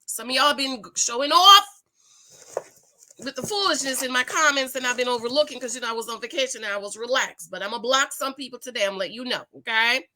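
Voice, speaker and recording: A woman's voice: quick pace, few pauses, sharp tone. A middle-aged woman chatting casually with viewers, reading a news item aloud and telling a personal story, acting out the voices in it. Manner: chatty storyteller, acts out exchanges with rising pitch. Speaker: commentary vlogger.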